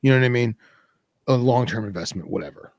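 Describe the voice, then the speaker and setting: A man hosts a podcast in loose, rambling chat, with plenty of fillers and restarts. His voice has a gravelly edge, and the sound is dry and close. His pitch sits in a middle range for a man. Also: fast, darkish tone, no room sound. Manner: rambling, filler-heavy, laid-back. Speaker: podcast host. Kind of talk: casual chat.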